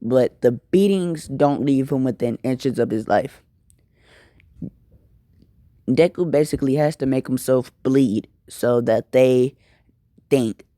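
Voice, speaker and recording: A man's voice: medium pitch, warm tone, dry recording, studio quality. A young man casually retelling a fan-made story, rambling with lots of fillers. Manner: rambling, filler-heavy, apologetic asides.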